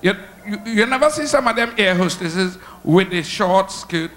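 Man, Trinidadian accent, stand-up comedian, animated, high-pitched, faint hiss behind. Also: moderate pace. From Trinidad and Tobago. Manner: animated, laughs at his own jokes. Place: comedy show stage.

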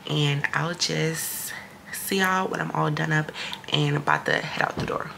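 A woman's voice: deep voice, steady tone, a little slow, gravelly, bright, forceful tone. A young pregnant woman chatting casually to camera as a vlogger, hyping herself up and swearing now and then. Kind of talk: casual vlog chat to camera. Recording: noisy background.

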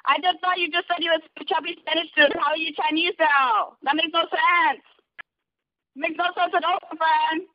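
A woman's voice: very high-pitched, fairly even intonation, normal speed, slight background noise. A woman on a phone call, furious, profane and threatening. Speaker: caller. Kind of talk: heated phone argument. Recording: dull phone-line audio.

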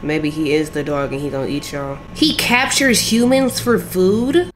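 A woman's voice: deep voice, a little slow, soft background music. A young woman reacting to a film, talking to the characters and shrieking. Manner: animated, talks to screen, shrieks. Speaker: YouTuber.

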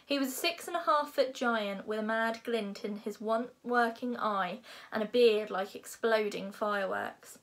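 A woman's voice: a little high, measured pace, hardly any pauses, a bit bright. Woman reading a children's book aloud. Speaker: reader.

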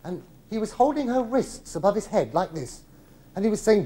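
A man's voice: sits high, sing-song, normal speed, mellow. Chatty male stage storyteller. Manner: chatty, teasing the audience. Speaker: solo stage performer. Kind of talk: one-man comedy show storytelling. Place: theatre stage with a live audience. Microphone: clip-on body mic.

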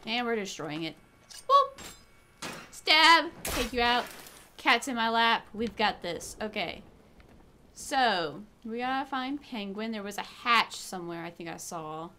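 A woman host giving casual, excitable let's play commentary, chatty and swearing freely. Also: mid-range voice, a little slow, a little hiss or hum. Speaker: gaming video host.

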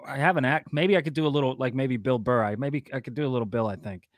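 A man's voice: mid-range voice, fast. A man chatting as a guest comedian on a video call, joking and self-mocking. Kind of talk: casual chat over video call.

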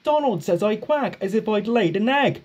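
A man's voice: sits high, lively intonation, normal speed, voice pushed up. A man voicing a proud, earnest male steam engine who talks politely and a little self-importantly.

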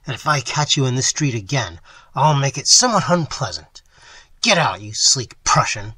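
A man voicing an angry young male artist who scolds and threatens in a loud, forceful voice. He reads him in a storybook reading. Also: medium pitch, big pitch swings, normal speed, breathy edge, no echo, heavily acted.

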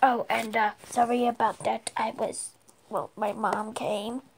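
A woman's voice: fairly high pitch, level tone, measured pace, gravelly, a little hiss or hum. A young woman hosting her own channel in a playful, giggly way, often restarting and laughing at herself. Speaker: channel host. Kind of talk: giggly casual vlog chat.

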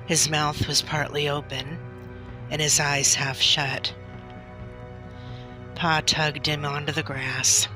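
A woman reading a classic children's novel aloud in a gentle, deliberate storytelling manner. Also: low-pitched. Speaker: storybook reader.

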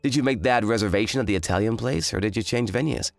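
A man's voice: fairly low pitch, quick pace, gravelly, dry recording, faint music behind. A man voicing an arrogant, hungover young fiancé who talks in a smug, dismissive drawl. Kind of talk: dramatized story voice acting.

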